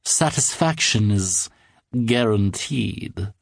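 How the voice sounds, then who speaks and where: A man voicing an odd, smug little man in a children's audiobook, speaking with slow, silky, unsettling politeness. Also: on the low side, expressive, creaky, no echo, clean studio sound, full character voice. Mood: smug, creepy.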